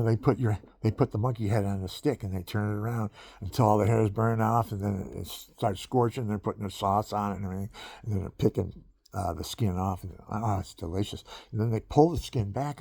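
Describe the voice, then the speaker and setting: A man's voice: on the low side, creaky, dark tone, slightly rough, no echo. A man rambling through stories in a casual monologue he is taping himself, drifting from one thing to the next and chuckling often.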